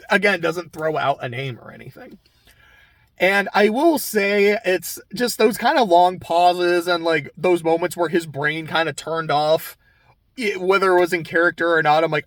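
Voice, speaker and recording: A man's voice: sits high, fairly bright tone, no echo. A man giving a casual, candid recap of a reality TV episode, chatty and swearing freely.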